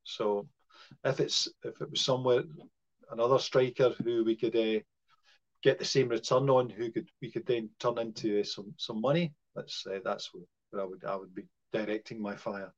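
A man's voice: mid-range voice, steady tone, moderate pace. A man, co-hosting a casual football podcast, hesitant and full of fillers and restarts. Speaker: podcast co-host. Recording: muffled lo-fi audio.

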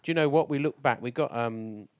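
A man's voice: medium pitch, brisk, a little mellow, no echo. Joking man on a podcast. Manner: joking, banters. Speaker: podcast co-host. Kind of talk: casual chat.

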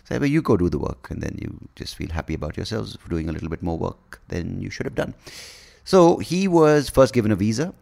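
A man in his forties hosts a comedy podcast in a profane, rambling rant. His low, gravelly voice swings widely in pitch as he mocks himself and others. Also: sing-song, brisk, warm tone. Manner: profane, rambling, self-mocking.

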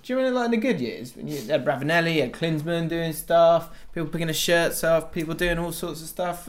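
A man from England co-hosting a casual podcast, chatting loosely and trailing off into soft mumbles. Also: a little high, a little fast, hardly any pauses. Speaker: podcast co-host. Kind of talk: casual chat.

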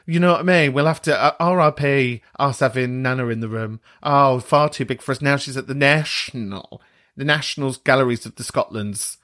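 A man's voice: mid-range voice, moderate pace, a bit bright. A man hosting a podcast in a camp, gossipy manner, sprinkling in slang and teasing asides. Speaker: podcast host. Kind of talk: casual chat.

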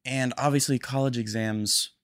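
A young man hosting a casual solo podcast, rambling quickly and a little nervous. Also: medium pitch, steady tone, fairly bright tone. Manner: rambling, fast-talking and a bit nervous. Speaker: podcast host.

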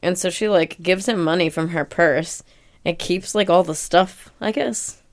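A woman's voice: fairly low pitch, measured pace. A woman co-hosting a podcast, casually retelling a cartoon episode in rambling, profane chat. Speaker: podcast co-host.

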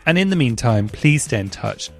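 A man's voice: mid-range voice, sing-song, normal speed, creaky. A man hosting a podcast, chatting and gushing enthusiastically while reading out listener messages. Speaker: podcast host.

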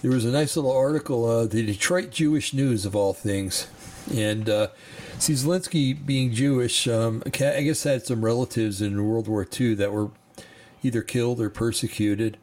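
Tired low-voiced man hosting a podcast. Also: darkish tone, slight background noise. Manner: tired, halting, many fillers and pauses. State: sleepy, yawning. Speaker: podcast host. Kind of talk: casual monologue reading articles aloud.

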